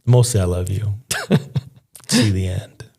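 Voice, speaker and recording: A man's voice: deep voice, takes it slowly, gravelly, mellow, breathy edge. A middle-aged man speaking briefly and in an understated way, with dry humor, in a casual conversation. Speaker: podcast co-host.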